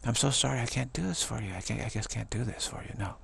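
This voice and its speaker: A man quoting an apologetic, self-effacing woman spiritual teacher in soft, pleading tones. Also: medium pitch, lively intonation, quick pace, creaky, slightly rough, exaggerated voice.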